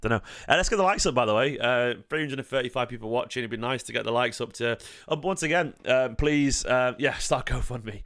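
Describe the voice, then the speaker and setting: A man's voice: mid-range voice, no room sound. Guy, fan channel host, casual banter, dry close sound. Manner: chatty, jokey, quick to get excited. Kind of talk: live watchalong chat.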